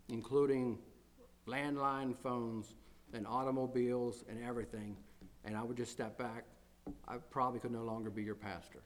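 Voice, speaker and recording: A man preaching as pastor to his congregation, earnest, often repeating phrases and building to emphatic declarations. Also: mid-range voice. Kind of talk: sermon.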